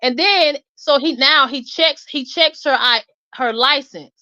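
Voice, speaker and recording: High, bright-voiced woman telling a story. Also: a little slow, hardly any pauses, dry recording. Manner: animated, emphatic gossiping. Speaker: host. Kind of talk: casual storytelling chat. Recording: dull lo-fi sound.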